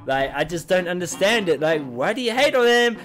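Lively, playful man reacting to clips. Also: high voice, brisk. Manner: playful, exaggerated and excitable. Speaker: reaction video host. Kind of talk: casual reaction commentary.

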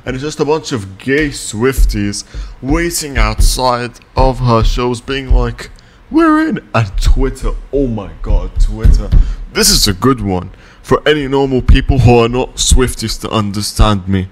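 A man's voice: mid-range voice, measured pace, a little hiss or hum. A man giving a scornful, profane ranting commentary as a vlogger.

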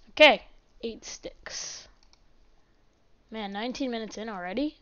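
A woman's voice: on the high side, measured pace, pauses often, background noise. A woman giving rambling, chatty let's play commentary as a gaming host, often apologizing. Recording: dull lo-fi mic.

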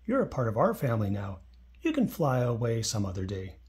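A man voicing a gentle, motherly female spider in a storybook reading, in a soft, caring way. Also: mid-range voice, wildly swooping pitch, brisk, breathy edge, full character voice.

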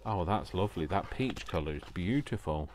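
A man's voice: low voice, animated, normal speed, a little mellow, slight background noise. A man chatting casually as he unboxes craft gifts, gushing, gasping and talking to himself. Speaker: craft vlogger.

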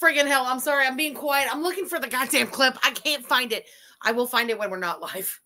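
A woman's voice: high voice, fairly quick, bright, forceful tone. A woman co-hosting a casual livestream, chatting and explaining gossip.

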